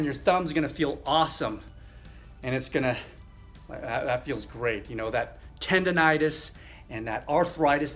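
A middle-aged male chiropractor demonstrating a thumb exercise, talking through each movement in a relaxed way with fillers. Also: a little high.

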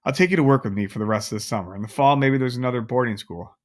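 Man doing a gentle worried mom, soft, pleading, storybook voice. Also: mid-range voice, rapid-fire, close to an everyday voice. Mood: anxious.

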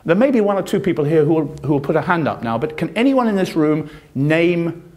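A man's voice: expressive, brisk, a little mellow. An older man with a British accent giving an impassioned, sardonic lecture as a journalist in a university hall. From Britain. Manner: impassioned, sardonic, pitch swings widely when stressing points. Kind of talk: passionate public lecture.

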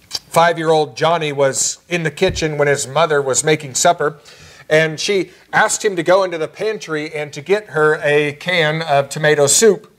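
A man preaching as pastor in a church, earnest and measured, slowing down on key phrases. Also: on the high side, fairly bright tone. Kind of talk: sermon. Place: church sanctuary.

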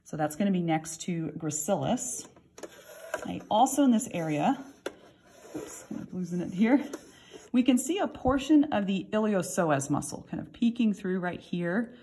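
A woman's voice: mid-range voice, expressive, moderate pace, mellow, breathy edge. A middle-aged woman anatomy instructor giving a recorded lab lesson, explaining patiently while turning a model.

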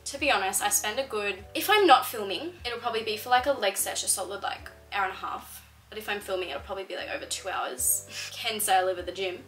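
Young aussie woman chatting thru a q&a vlog, bright voice, bit of music under it. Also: medium pitch, rough recording. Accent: Australian. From Australia. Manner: chatty, fills speech with "like". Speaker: fitness content creator. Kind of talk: casual Q&A vlog.

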